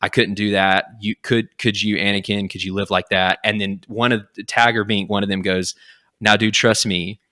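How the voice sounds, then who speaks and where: A young man hosting a podcast, casually retelling a comic story and acting out its lines in quick quotes. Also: lowish voice, level tone, pushed and bright. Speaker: podcast host.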